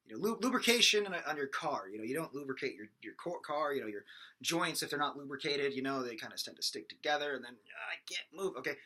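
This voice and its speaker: A man's voice: mid-range voice, expressive, fast talker, sharp tone. A young man giving a casual, rambling singing lesson, full of fillers and restarts. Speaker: singing teacher. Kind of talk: casual vocal lesson with sung demonstrations.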